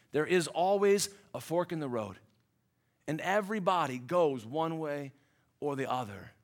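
Guy pastor giving a sermon, bit higher voice, earnest, gets big then drops real soft. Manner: earnest preaching with emphatic, rising passages and soft, low endings.

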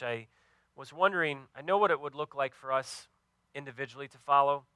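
Earnest storytelling preacher, bright crisp voice. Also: male voice, mid-range voice, no room sound. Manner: earnest storytelling with many fillers. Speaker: pastor. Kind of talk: sermon.

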